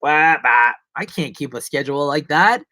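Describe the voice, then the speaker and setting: A man's voice: a little high, normal speed, pushed and bright, dry recording. A man talking casually on a live stream, rambling and joking at himself with many restarts. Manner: rambling, self-mocking, many restarts and asides.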